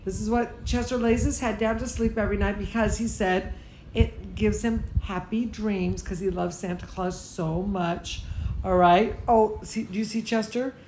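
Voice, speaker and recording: A woman's voice: mid-range voice, steady tone, normal speed, darkish tone, slight background noise, low-quality recording. A woman teacher hosting a live bedtime story from her bed at home, chatting in a doting sing-song way to her pet and to the children watching. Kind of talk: casual live-stream chat.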